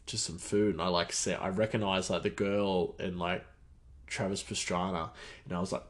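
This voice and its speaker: A man hosting a podcast tells a casual story in a rambling way, trailing off and restarting often. His voice sits a little low for a man. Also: flat delivery, normal speed. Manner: rambling, full of fillers and restarts. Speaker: podcast host.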